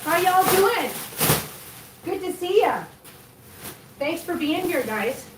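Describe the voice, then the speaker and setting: A woman vlogger with an extremely high, expressive voice speaks slowly as she hosts a casual livestream from a home room with litter boxes. She chats with viewers and coos at her cats. Her phone microphone picks up an echoey room and faint noise.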